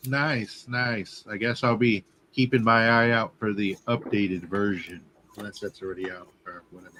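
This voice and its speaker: A man's voice: fairly low pitch, little pitch movement, moderate pace, bright, forceful tone, a little hiss or hum. A man in casual group chat, teasing and joking loosely with friends as a panel co-host.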